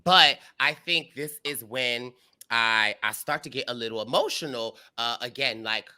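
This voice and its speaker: A man with a very bright, sharp-edged voice co-hosts a casual recap chat. He is animated and heartfelt, laughs often and talks in bursts of fillers. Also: mid-range voice, a little slow, clear, resonant tone. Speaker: co-host.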